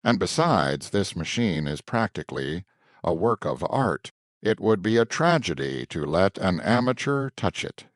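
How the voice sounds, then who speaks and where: A man's voice: low voice, very animated, measured pace, no echo, studio quality, exaggerated voice. A man reading a story aloud, voicing a confident, blunt young woman security analyst in a self-assured, matter-of-fact way.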